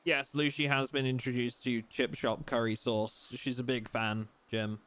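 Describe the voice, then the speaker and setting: A young man chatting casually while streaming a survival game, reading chat aloud and thinking out loud. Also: mid-range voice, level tone, measured pace, clean tone. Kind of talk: casual live-stream commentary.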